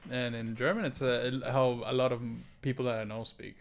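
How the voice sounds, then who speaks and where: A man's voice: medium pitch, level tone, brisk, gravelly, slight background noise. A man guesting on a podcast, chatting casually with a dry, joking manner. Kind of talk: casual chat.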